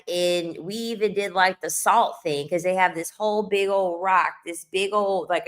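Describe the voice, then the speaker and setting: A young woman telling a casual storytime rant, animated and exasperated, swearing freely and mocking others in quoted voices. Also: on the low side. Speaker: vlogger.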